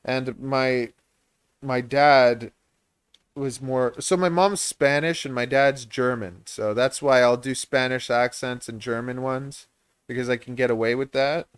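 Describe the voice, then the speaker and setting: This is a man with a mid-range, clean-toned voice, speaking a little slowly in a dry recording. He hosts a livestream and breeds reptiles, and he chats in a rambling, self-deprecating way, laughing often.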